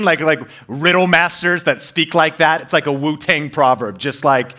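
Telling his own story to an audience, a man speaks at a moderate pace in a fairly high voice. He's animated and emphatic, with plenty of fillers and restarts.

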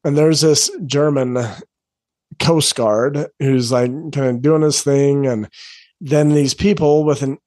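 A man's voice: mid-range voice, steady tone, slow pace, a little mellow, dry recording. A man, a coach hosting his own podcast, telling a story in a rambling, casual way with lots of filler words. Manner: rambling, conversational, many "like" fillers.

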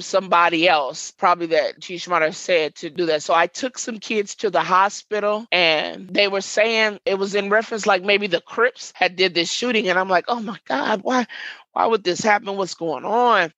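Woman recounting a harrowing night, bright voice. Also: on the low side, dry recording, highs cut off. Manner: vivid storytelling, reliving events with quoted dialogue. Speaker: interviewee, mother and community worker. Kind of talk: emotional first-person testimony.

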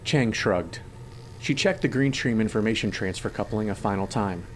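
A man's voice: lowish voice, moderate pace, a little hiss or hum. Man narrating a sci-fi audiobook.

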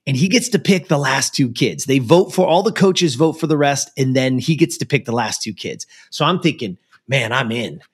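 A man's voice: on the high side, animated, a little fast, few pauses, slightly rough. A man from the United States telling a personal story as an interview guest, earnest and emphatic, with many casual fillers. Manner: earnest and emphatic, with frequent "like" and "you know".

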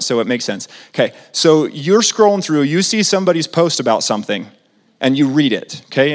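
A male pastor preaching in a conversational, animated way, firing questions at the congregation. His mid-pitched voice swings between loud and soft. A long reverb trails off the walls of the sanctuary. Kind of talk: sermon.

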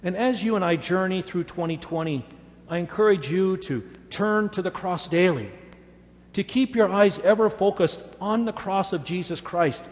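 A man's voice: sits high, normal speed, long reverb tail. A man preaching a sermon, telling stories earnestly and making emphatic assurances to his congregation. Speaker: pastor.

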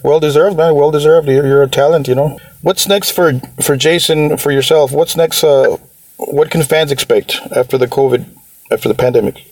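A man's voice: fairly high pitch, moderate pace, a little mellow, no echo. A man hosting a metal podcast who asks short questions and gives brief, encouraging replies. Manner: brief encouraging reactions, laughs along. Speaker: podcast host, interviewer. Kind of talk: casual interview.

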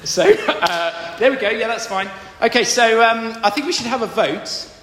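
Playful posh English vicar in an echoey church. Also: male voice, very high-pitched, lively intonation, normal speed, fairly bright tone, a little hiss or hum. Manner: playful, drawing in the congregation. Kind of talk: playful family sermon. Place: large church.

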